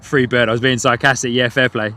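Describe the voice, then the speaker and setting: This man from the United Kingdom, whose accent has an Australian and New Zealand twang, runs a live plane-spotting stream from outside an airport. His medium-pitched voice is level, brisk, bright, and forceful, and he often laughs and chats while reading what viewers send in.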